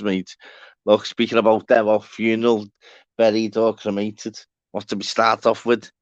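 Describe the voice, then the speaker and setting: A man from Walton, Liverpool, England, with a Scouse accent, hosts a rambling, casual live stream, swearing and naming his viewers as he goes. His voice is fairly low, and the recording is dry and muffled.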